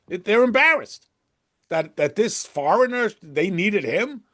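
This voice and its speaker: A man with a high voice teaches a Torah class at a moderate pace, lively and conversational. He fires off rhetorical questions and acts out quotes in a raised voice.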